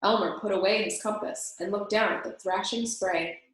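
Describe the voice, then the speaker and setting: A woman's voice: medium pitch, steady tone, normal speed. Woman reading a storybook in an echoey room. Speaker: children's story reader. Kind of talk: storybook read-aloud narration.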